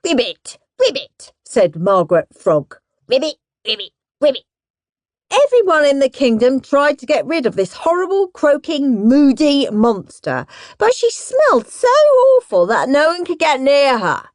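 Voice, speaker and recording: A woman's voice: high-pitched, huge pitch swings, measured pace, dry recording, clean studio sound, exaggerated voice. A woman voicing a mischievous young boy who is cheeky and defiant.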